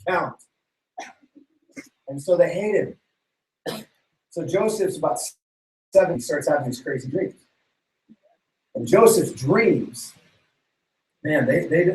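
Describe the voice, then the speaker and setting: A man's voice: on the high side, a little mellow, echoey room, distant mic, poor audio. A man preaching to young people in a casual, slangy way, retelling a story and acting out its characters. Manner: slangy, playful, acts out characters' voices. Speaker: youth pastor.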